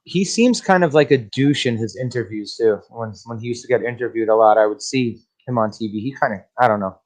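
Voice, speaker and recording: A man's voice: mid-range voice, a little fast. A man co-hosting a casual movie-review podcast, blunt and profane, laughing often as he gives his opinions. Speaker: podcast co-host.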